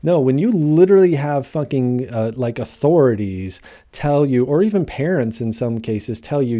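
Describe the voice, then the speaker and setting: A man's voice: mid-range voice, lively intonation, moderate pace, mellow. A man speaking candidly about his own recovery, raw and heavily profane, rambling and repeating himself for emphasis. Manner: rambling, repeats and restarts phrases. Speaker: motivational speaker sharing his recovery story. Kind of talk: candid personal monologue.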